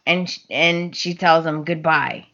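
A woman's voice: sits low, unhurried, pushed and bright, highs cut off. A woman co-hosting a podcast, recapping a soap opera in casual chat, acting out the characters' lines and laughing often. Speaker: podcast co-host.

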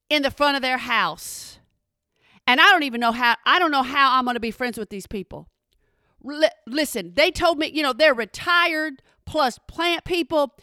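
A woman's voice: high voice, pushed and bright, dry recording, clean studio sound. A woman giving an exasperated, sassy comedic rant to her viewers, calling them y'all. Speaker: vlogger. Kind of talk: comedic ranting monologue.

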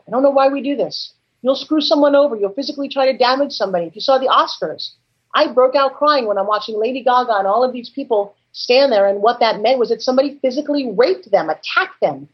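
Husky effusive woman, high voice. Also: lo-fi sound. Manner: effusive, animated, emotional. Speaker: guest. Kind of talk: emotional interview conversation.

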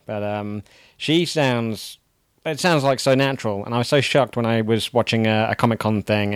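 A man's voice: mid-range voice, clean tone, no echo, studio quality. A man hosting a podcast, chatting in an easygoing way, agreeing readily and trailing off mid-thought. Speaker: podcast host. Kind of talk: casual interview chat.

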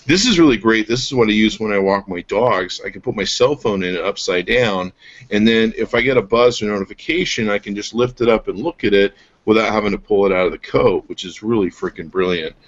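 Upbeat man with a low voice. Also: a little fast. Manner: enthusiastic, joking, laughs often. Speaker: podcast host. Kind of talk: casual product chat. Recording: dull lo-fi podcast audio.

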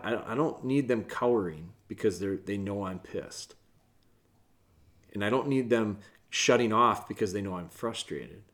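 A man hosting a casual podcast from home, talking earnestly and rambling with restarts, often dropping to a soft, quiet voice. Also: lowish voice. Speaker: podcast host, dog trainer. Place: home, with dogs in the room.

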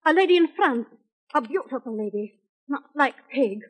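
An actress playing a fiery, jealous young lass in an old-time radio drama, with an emotional, lilting voice. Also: female voice, high-pitched, animated, moderate pace, low-quality recording.

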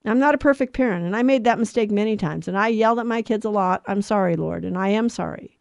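A woman's voice: mid-range voice, quick pace, vocal fry, no echo, studio quality. A middle-aged woman giving an earnest religious teaching talk on family life, stressing points by repeating words. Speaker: Catholic speaker on family life.

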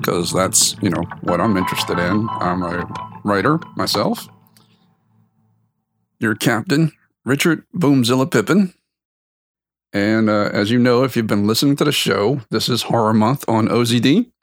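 A man's voice: on the low side, normal speed, music in the background. A man hosting his own podcast in a loose, unedited chat, rambling, correcting himself and chuckling often. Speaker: podcast host.

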